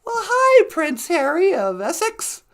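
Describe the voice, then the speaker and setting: A man's voice: very high voice, huge pitch swings, takes it slowly, a bit bright, voice pushed up, exaggerated voice. A man voicing a cheerful, sing-song woman co-host who explains words like a teacher. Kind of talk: comedy sketch.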